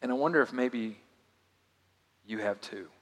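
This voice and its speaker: A male pastor preaching a sermon, swinging from loud emphatic lines to hushed, quiet asides. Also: medium pitch, a little slow. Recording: long hall reverb.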